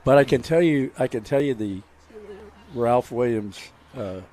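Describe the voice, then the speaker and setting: A man's voice: medium pitch, unhurried, a little mellow. A man on a radio car show, telling a story casually and playing its characters, recorded at an outdoor car show. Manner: drawling storyteller who acts out the lines of his characters. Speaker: restaurant founder and radio guest.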